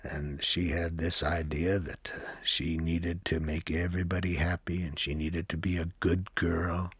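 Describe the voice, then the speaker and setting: A man who leads workshops, telling a personal story in a slow, reflective way and acting out the dialogue. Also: low voice, level tone, husky, no echo. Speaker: workshop leader. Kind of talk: personal storytelling between songs.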